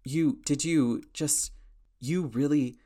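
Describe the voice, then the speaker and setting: A man voicing an excitable, eager teenage boy who gushes, in a story reading. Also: fairly high pitch, takes it slowly, voice pushed up. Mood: excited.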